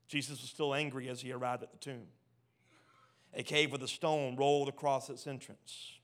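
A man with a high-set voice preaches with fervor, swinging between loud, emphatic bursts and quiet, low asides. He often stumbles and repeats words as he pushes his point. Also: lively intonation, moderate pace. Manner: passionate, builds to loud emphatic peaks then drops low and soft. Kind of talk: sermon.

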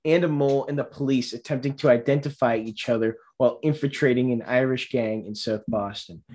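Dude chatting movies on a podcast, kinda rambly, lots of "like" and "uh", mid-pitch voice. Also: male voice, brisk, darkish tone. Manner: rambling, upbeat, many fillers and restarts. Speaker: podcast co-host. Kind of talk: casual movie podcast chat.

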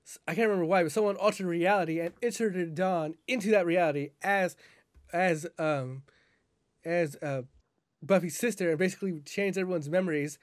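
A man with a fairly high voice co-hosts a casual wrestling podcast, stumbling through profane, rambling rants. His voice sounds dry and close, with no room around it. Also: dry recording. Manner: rambling profane rant with many restarts.

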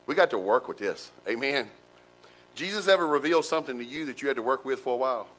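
A man preaching a sermon in a folksy, animated way, with colloquial asides to the congregation. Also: medium pitch, quick pace, low-quality recording. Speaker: pastor.

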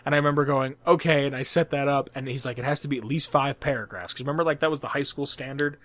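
A man's voice: mid-range voice, fast, fairly bright tone. A young man co-hosting a podcast, telling a long school story in casual chat, rambling and cursing and laughing at his own jokes. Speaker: podcast co-host.

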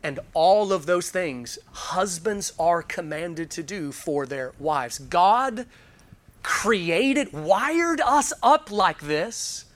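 A man's voice: high voice, expressive, extremely slow, fairly bright tone. A man, a pastor, preaching a sermon, praying earnestly and telling an illustration with frequent restarts.

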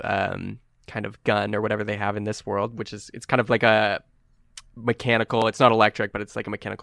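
Man, game master, casual rambling narration, gravelly, dry sound. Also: fairly low pitch, flat delivery, fast, fairly bright tone, no room sound. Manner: casual, rambling, many fillers.

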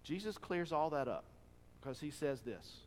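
A man delivers a sermon in an earnest, conversational style and keeps asking his listeners rhetorical questions. His voice sits fairly high for a man. The sound rings with the long reverb of a large hall. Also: animated, normal speed, a little mellow, slight background noise. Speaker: pastor.

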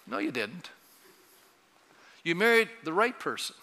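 A man's voice: sits high, big pitch swings, normal speed, long pauses, pushed and bright. A man in his sixties, a pastor preaching a sermon in a church sanctuary, chatting and joking with the congregation before building to fervent exhortation. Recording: reverberant church hall.

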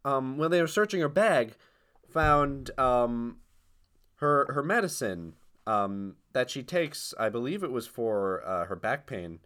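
A young man with a mid-range voice co-hosting a casual podcast. He cracks dry, deadpan jokes and hesitates with frequent ums while he explains. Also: medium pitch, takes it slowly, clean tone. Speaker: podcast co-host. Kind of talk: casual comedic chat.

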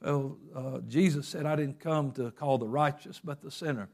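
A man preaching a sermon in a conversational way, acting out little quotes and often pausing with fillers. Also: a little high, gravelly, darkish tone. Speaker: pastor.

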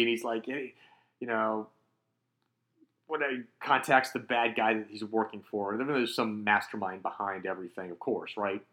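A man co-hosting a casual comic book podcast, animated, laughing often and acting out quotes. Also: lowish voice. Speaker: podcast co-host.

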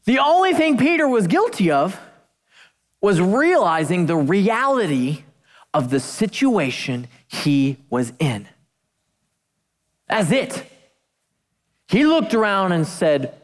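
Lively woman preaching with twang. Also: low-pitched, big-room sound. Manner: animated, emphatic, jokey asides, slows for key phrases. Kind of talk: sermon.

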